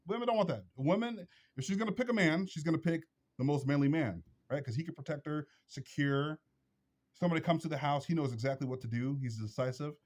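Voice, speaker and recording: A man's voice: fairly high pitch, lively intonation, fairly quick. A man hosting a vlog, giving blunt advice in a preachy, repetitive, emphatic monologue. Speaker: vlog host.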